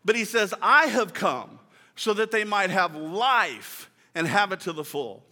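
A male pastor preaching a sermon in a conversational way, joking with the congregation and slowing down for emphatic quotes. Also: sits high, animated, sharp tone. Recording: reverberant hall sound.

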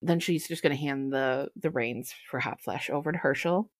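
A woman narrating as game master in a tabletop role-play, unhurried and halting, with giggly asides. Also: a bass voice, no echo.

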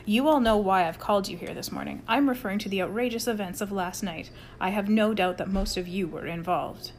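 A woman's voice: mid-range voice, brisk, a little hiss or hum, lightly acted. A woman voicing a stern, pompous middle-aged male camp director addressing a crowd formally.

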